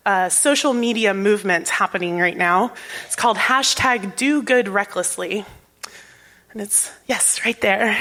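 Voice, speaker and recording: A woman's voice: medium pitch, a bit bright. A woman minister giving a sermon in a church, with an earnest manner, rhetorical questions and a repeating cadence. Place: church sanctuary.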